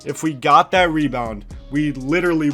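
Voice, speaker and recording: A young man giving excited play-by-play commentary over a basketball video game, hyping big plays, sometimes yelling and casually swearing. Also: on the high side, moderate pace, faint music behind. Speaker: gaming YouTuber.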